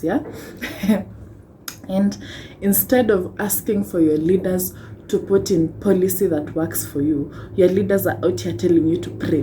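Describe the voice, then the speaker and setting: A woman's voice: on the low side, dark tone, a little hiss or hum, rough recording. A young Kenyan woman with a Kenyan accent ranting on a vlog, impassioned and rhetorical, tagging points with "hmm?" and wry laughs. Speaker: vlogger.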